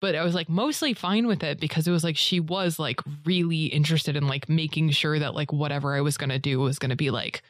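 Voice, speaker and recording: A woman's voice: low voice, a little fast, few pauses, dry recording, clean studio sound. A woman in a casual chat, telling a long story full of fillers and acting out other people's lines. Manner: rambling storyteller, many fillers, acts out others in a raised voice.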